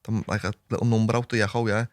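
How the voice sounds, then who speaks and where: A man's voice: fairly low pitch, little pitch movement, very fast, dry recording. Young Liverpool man, dry close sound. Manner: laughing, swearing banter with "lad" fillers. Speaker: podcast guest. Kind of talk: casual chat.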